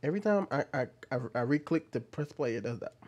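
A man's voice: medium pitch, fast talker, loud music behind the voice. A man giving casual reaction commentary on a video, incredulous and full of rhetorical questions. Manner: animated and incredulous, rhetorical questions, mimicking asides.

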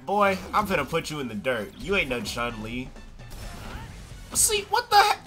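A young man streaming a fighting game, commenting live with excitable yelps and trash talk. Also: a little high, moderate pace, long pauses, faint music behind.

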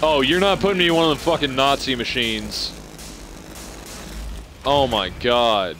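A young man giving live commentary on a video game he is playing, excitable and swearing as he reacts out loud. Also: medium pitch, a little slow, soft background music. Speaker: gameplay streamer. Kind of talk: live let's-play commentary.

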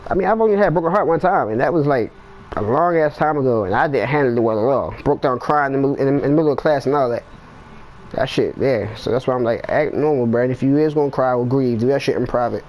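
A man's voice: mid-range voice, fast, darkish tone, rough recording. A man chatting casually with a friend during an online game, profane and slangy, trading banter and blunt advice. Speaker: gamer in voice chat. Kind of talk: casual gaming chat.

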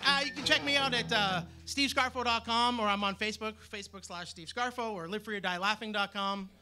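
A man doing a stand-up comedy set on stage, animated and shouting his punchlines. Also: high-pitched, brisk. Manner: animated, loud punchlines to a laughing crowd. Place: comedy stage before a live audience. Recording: live show with loud crowd laughter.

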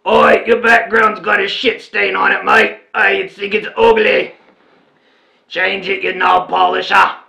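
A man's voice: high-pitched, flat delivery, a little slow, vocal fry, sharp tone, reverberant, voice pushed up, heavily acted. A man voicing a rude, mocking Australian man who hurls crude, jeering insults.

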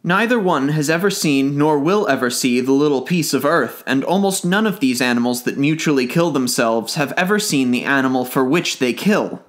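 A man's voice: mid-range voice, lively intonation, moderate pace, hardly any pauses, natural voice. A man voicing a frank, bitter earth philosopher in a storybook reading, talking in a sardonic, blunt way. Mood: scornful.

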